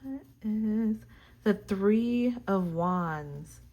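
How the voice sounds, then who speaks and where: A woman giving a casual tarot reading, talking straight to her viewers in a gushing, excitable way. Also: mid-range voice, very slow. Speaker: tarot reader.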